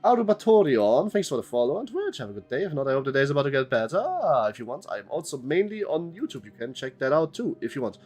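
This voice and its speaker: Very animated and fast with hardly any pauses, a young streamer in a medium, darkish voice banters with his audience as he plays, reads on-screen text aloud, thanks people in chat, and curses. Soft music plays underneath.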